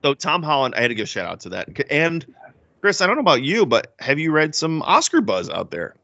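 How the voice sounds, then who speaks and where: A young man co-hosting a casual podcast about movies, animated and enthusiastic, laughing often. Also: on the high side, a little fast, creaky, no echo, lo-fi sound. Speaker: podcast co-host.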